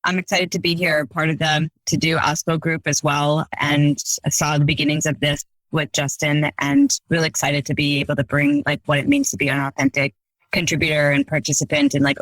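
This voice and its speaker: A woman's voice: deep voice, fairly quick, no echo, poor audio. A woman guest on a podcast, introducing herself eagerly and chattily, with fillers.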